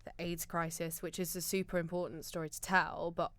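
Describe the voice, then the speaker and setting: A woman's voice: fairly low pitch, flat delivery, a little fast, a bit bright, no room sound. A woman with a southern English accent, a musical theatre actor and guest, talking in a chatty and enthusiastic way. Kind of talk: casual chat.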